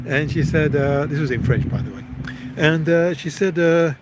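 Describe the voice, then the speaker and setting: A man's voice: fairly high pitch, moderate pace, background noise. A man hosting a live stream, telling a story in a casual, rambling way. He often stops and repeats words as he goes.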